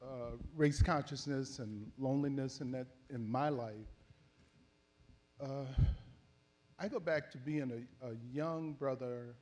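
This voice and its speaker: An older man from Philadelphia, an elder activist telling his story slowly and reflectively in an oral history conversation, with many pauses and fillers. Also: mid-range voice, a little mellow. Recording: handheld mic in a panel setting.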